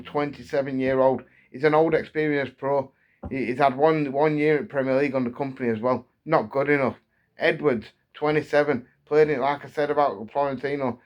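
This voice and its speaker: Heated English football fan ranting. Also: male voice, mid-range voice, muffled recording. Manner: heated, repetitive, building frustration. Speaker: football fan channel host. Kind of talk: angry fan rant to camera.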